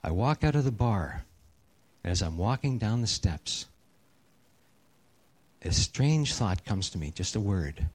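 A man's voice: lowish voice, big pitch swings. Earnest man preaching a sermon. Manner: earnest storytelling, drops to a hushed, slow voice for serious moments. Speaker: pastor.

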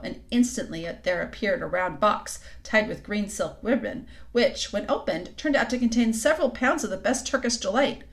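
Woman reading a storybook calmly. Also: fairly high pitch. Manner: calm, even storytelling. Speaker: narrator. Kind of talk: storybook read-aloud.

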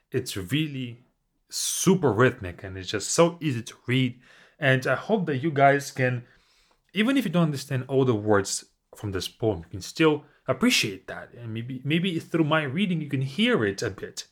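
A man teaching a language class, reading poems aloud at an unhurried pace. His pitch rises and falls a great deal as he recites each line expressively. Between verses he explains the lines in a reflective, halting way with small fillers. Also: sing-song.

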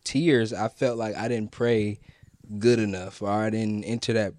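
A man's voice: lowish voice, a little slow, no room sound. Slangy man in dry, close sound. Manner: relaxed, slangy, conversational. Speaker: podcast co-host. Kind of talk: casual chat about prayer.

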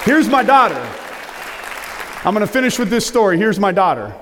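A middle-aged man preaching a sermon as pastor, with a loud, booming, emphatic delivery. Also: big pitch swings, moderate pace, some chatter behind, slight background noise. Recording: long reverb of a large hall.

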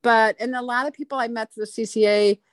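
Rambling middle-aged woman, high-pitched. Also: fast, clear, resonant tone, no room sound. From Chicago. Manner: rambling, animated storyteller. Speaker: stand-up comedian. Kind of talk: casual interview chat.

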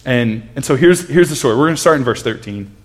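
A man in his thirties gives a conversational sermon at a mid-range pitch. He talks earnestly and stops to restart his sentences. At tender moments his voice drops to a hushed tone. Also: expressive, fast talker. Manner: earnest storytelling with frequent restarts. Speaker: pastor.

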